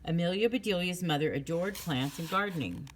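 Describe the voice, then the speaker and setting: Low-voiced woman reading a children's book. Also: animated, a little fast, slight background noise. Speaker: narrator. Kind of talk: children's audiobook narration.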